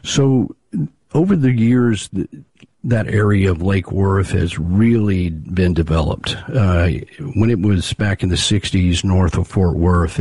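A man answering interview questions as a researcher of local monster legends, explaining in a measured way. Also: low voice, a little mellow, husky, no echo.

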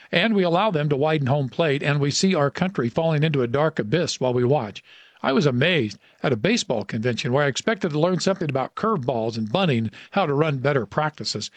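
Man, storyteller, scripted narration, slightly high voice, dry close sound. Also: lively intonation, fairly quick, no echo.

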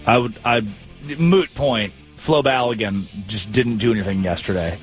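A man hosting a sports talk show, telling stories in animated, jokey, rambling banter. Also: mid-range voice, measured pace, soft background music. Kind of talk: casual comedic radio banter.

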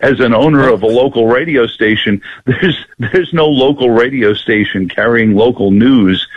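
A man who owns a local radio station, a guest on a political talk show, talking in animated bursts with restarts. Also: medium pitch, normal speed, breathy edge, no room sound, lo-fi sound. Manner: animated, many fillers and restarts.

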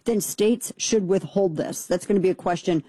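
A woman's voice: medium pitch, normal speed, mellow, breathy edge, no echo. A woman hosting a show, giving an emphatic, opinionated political commentary monologue and repeating points for stress. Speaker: show host.

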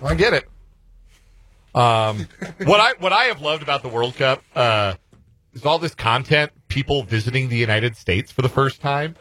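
A man's voice: medium pitch, lively intonation, normal speed, sharp tone. A man hosting a sports talk radio show, chatting casually and rambling a little, laughing easily.

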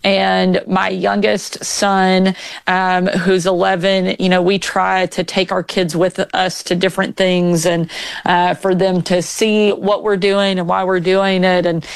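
Woman with a gravelly edge. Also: fairly low pitch, level tone, a little slow, no echo. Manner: warm anecdotal storyteller, laughs often. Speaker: guest, state governor. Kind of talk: casual interview chat.

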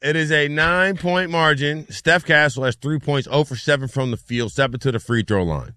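A man's voice: on the high side, moderate pace, no room sound. A man hosting a sports radio show, chatting casually and joking, sometimes slipping into a sung announcer voice. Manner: lively, joking, breaks into sung announcer bits.

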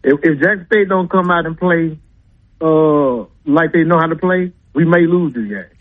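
A man's voice: on the high side, normal speed. A man calling in to a sports radio show, talking football in a rambling way with repeated words. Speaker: caller, football fan. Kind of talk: casual call-in chat. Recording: phone line.

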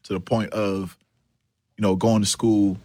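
A man's voice: on the low side, little pitch movement, measured pace, darkish tone, no room sound. A man interviewing a guest in casual talk, often stopping and restarting his questions.

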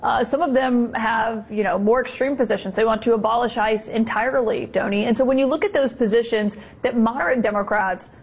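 A female news anchor with a fairly high voice, played as a clip on the show. She puts a long question to a reporter in a slightly halting, probing way. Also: slightly rough. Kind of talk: news interview.

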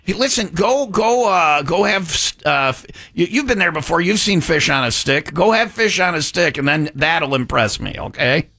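A man's voice: on the high side, lively intonation, moderate pace, creaky, pushed and bright. A man from Wisconsin hosting a morning radio show, joking around and rambling, often correcting himself mid-sentence. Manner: jokey, rambling, self-correcting. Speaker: radio host.

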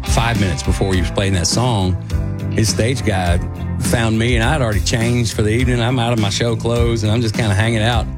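A man's voice: fairly quick, over music. A middle-aged man, a country singer guesting on a radio show, telling a story casually and acting out the people he quotes. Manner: animated, acts out quotes in a higher voice.

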